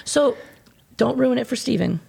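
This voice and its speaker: A woman hosting a casual group podcast chat, bubbly and quick to laugh. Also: a little high, expressive, vocal fry, dark tone, breathy edge. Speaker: podcast host.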